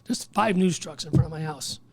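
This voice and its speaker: A firefighter guest on a podcast races through his story in a high, gravelly man's voice. He curses freely and jumps into the voices of everyone involved. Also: brisk. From Chicago. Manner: animated, swearing, acts out others' lines. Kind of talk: storytelling in casual podcast chat.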